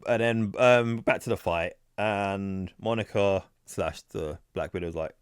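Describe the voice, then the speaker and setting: Deep-voiced man recapping a comic. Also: smooth, no echo, clean studio sound. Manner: rambling, acts out characters' lines in quick asides. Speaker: comic book podcast co-host. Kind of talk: casual chat, retelling a comic plot.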